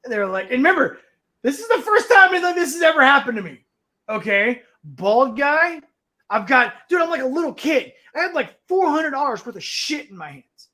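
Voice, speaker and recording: A man with a fairly high voice tells a story in loose, casual chat, swearing freely. He acts out the other people in his stories, jumping between voices as he goes. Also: very animated, normal speed, pushed and bright. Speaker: guest on a call-in talk show.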